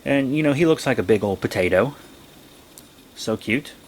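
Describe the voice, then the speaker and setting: A young man vlogging, telling a rambling story in a casual way and breaking into high, excited exclamations. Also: normal speed, slight background noise.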